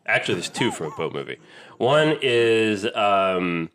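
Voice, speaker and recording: A man's voice: lowish voice, sing-song, unhurried, fairly bright tone. A man co-hosting a casual film podcast, blunt and argumentative, swearing freely. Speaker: podcast co-host. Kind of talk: casual chat.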